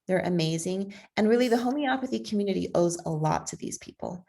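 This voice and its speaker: A woman speaking as a guest on a video call, persuasive and energetic, with frequent fillers. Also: mid-range voice, fairly quick, gravelly. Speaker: guest speaker, advocacy group president. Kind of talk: conversational online talk.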